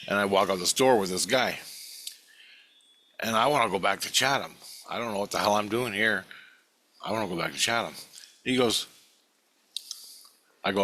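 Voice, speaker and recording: A man with a lowish, bright, forceful voice recounts a dream in a meandering, foul-mouthed ramble. He keeps restarting his sentences and swearing as he circles back over the details. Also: a little hiss or hum. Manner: profane, meandering storytelling with many restarts.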